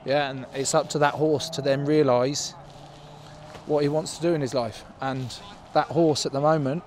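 A man's voice: on the high side, steady tone, moderate pace, a little mellow, slight background noise. A man in a post-match interview, rambling and joking as he talks about getting back on the horse. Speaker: rugby player in interview clip.

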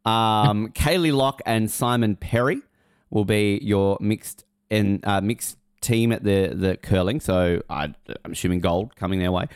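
A man's voice: lowish voice, a little slow, smooth, no echo, studio quality. A man co-hosting a sports podcast, joking and rambling with lots of fillers. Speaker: podcast co-host. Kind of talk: casual podcast chat.

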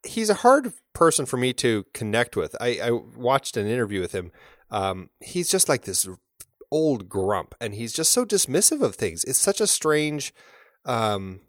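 A man co-hosting a podcast, talking through a film in a relaxed, rambling way with many fillers and restarts. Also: on the low side, no room sound, clean studio sound. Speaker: podcast co-host. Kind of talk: casual film discussion.

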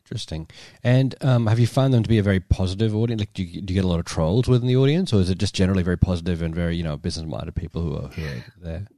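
A man's voice: sits low, racing, hardly any pauses, warm tone, no echo, studio quality. A man hosting an interview, asking long, curious, rambling questions in a casual way. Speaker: podcast host.

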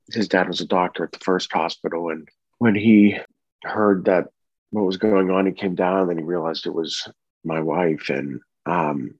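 A man telling the story of his wife's death and caring for their baby, speaking in an earnest, halting, somber way. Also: sits low, dry recording. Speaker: bereaved husband and father telling his story. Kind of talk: personal testimony. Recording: dull, dry lo-fi recording.

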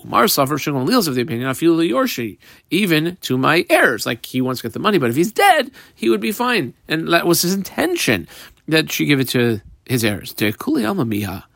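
Animated man teaching a Talmud page. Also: on the high side, fast talker, vocal fry, dry recording. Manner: animated, mixes Hebrew-Aramaic terms into English explanation. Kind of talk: daily page Talmud class.

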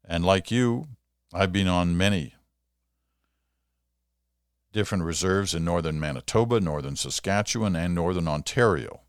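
Low-voiced man answering listener mail. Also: moderate pace, long pauses, clear, resonant tone, no room sound, clean studio sound. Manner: conversational, explanatory, occasional chuckle. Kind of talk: reading and answering listener letters.

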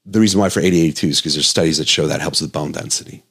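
A man's voice: extremely low pitch, very fast, a bit bright, slightly rough. A man hosting his own health podcast as a doctor, speaking in an earnest, emotional, pleading monologue.

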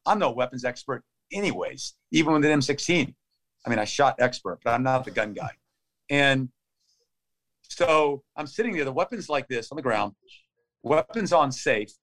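A man's voice: mid-range voice, expressive, fairly bright tone. Man in his fifties retelling a story. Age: 50s. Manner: vivid, urgent play-by-play retelling of combat; fast, clipped phrases with restarts. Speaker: interview guest. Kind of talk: conversational storytelling.

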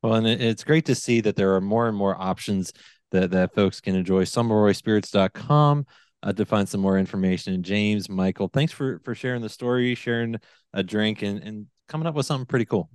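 A man hosting a casual interview over a video call, easygoing and quick to laugh. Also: fairly low pitch, a little mellow, smooth, no room sound, studio quality. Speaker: show host.

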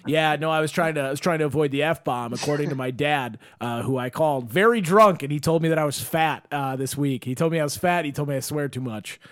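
A young man hosting a podcast, telling animated stories with lots of swearing and acted-out quotes. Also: a little high, fast, few pauses, no room sound, studio quality. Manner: animated storyteller, swears freely, acts out quotes. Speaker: podcast host. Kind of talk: casual chat.

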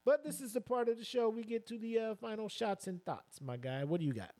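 Animated, laughing male podcast co-host. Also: high-pitched, a little fast. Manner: laughs often, swears freely, lively storytelling. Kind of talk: casual podcast banter.

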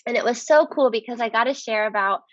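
A woman in her thirties talks about her faith as a podcast guest, earnest and heartfelt, with a slightly high voice. She fills her talk with "like" as she speaks. The recording is dull and lo-fi, with a dry sound and no room echo. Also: quick pace. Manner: earnest, heartfelt, many "like" fillers. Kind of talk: casual faith conversation.

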